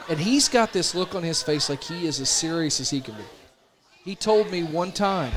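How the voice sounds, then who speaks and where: A man in his thirties tells a story in loose, casual chat, slipping into the voices of the people in it. His voice sits high, and his pitch swings widely as he goes. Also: normal speed. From Indiana. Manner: animated storyteller, acts out voices of others.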